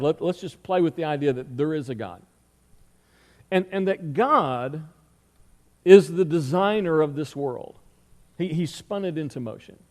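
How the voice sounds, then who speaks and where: Middle-aged male pastor, conversational storytelling sermon, slightly high voice, long hall reverb. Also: darkish tone. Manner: conversational storytelling with rhetorical questions. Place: church sanctuary.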